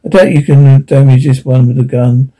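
A man reading a sci-fi audiobook, voicing a calm, unemotional male steel robot who gives orders. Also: mid-range voice, normal speed, close to an everyday voice. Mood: cool command. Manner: cool, unemotional, commanding.

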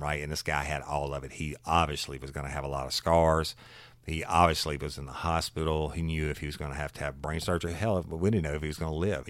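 A man's voice: very deep voice, fairly bright tone, no room sound. A man, a former detective, telling an old case in a laid-back, casual way, swearing now and then. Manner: laid-back, swearing, acts out quoted voices. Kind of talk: casual storytelling.

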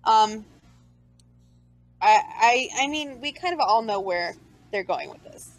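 A woman's voice: medium pitch, expressive, a little slow, rough recording. A woman co-hosting a casual wrestling podcast, chatty and talking straight to her viewers. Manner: chatty, addresses viewers as guys, many fillers. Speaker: podcast co-host.

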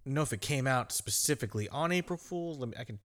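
A man co-hosts a podcast with a drawl, his voice rising and falling in a lively way. He jokes loosely and breaks into laughter often. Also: mid-range voice, fast, crowd noise. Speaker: podcast co-host. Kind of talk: casual chat.

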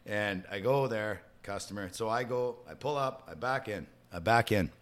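A man's voice: fairly low pitch, moderate pace. A man on a podcast, telling profane, rambling stories in casual chat and acting out the voices he quotes. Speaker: podcast regular.

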